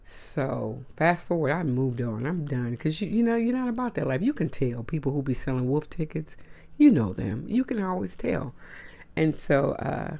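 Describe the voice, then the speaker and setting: A woman's voice: sits low, big pitch swings, normal speed, vocal fry, dark tone. A woman hosting a casual monologue to camera, blunt and emphatic, with slangy asides. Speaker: host.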